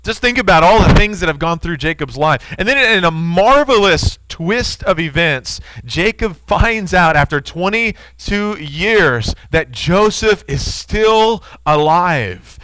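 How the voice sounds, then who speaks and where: A man's voice: fairly high pitch, pushed and bright, no room sound, rough recording. A man in his thirties preaching a sermon, earnest and storytelling, speaking to his listeners as friends.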